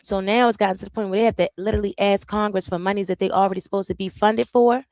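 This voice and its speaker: A woman's voice: mid-range voice, fairly even intonation, racing, a little mellow, dry recording. A woman hosts a live reaction stream, talking loosely and repeating herself while she juggles screens. Her voice is close and dry, with no room sound. She speaks straight to her viewers.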